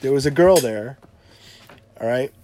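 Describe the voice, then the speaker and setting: A man casually recounting a funny party story to a friend, animated and laughing as he tells it. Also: medium pitch, unhurried. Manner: animated, laughing retelling with quoted voices. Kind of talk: casual chat.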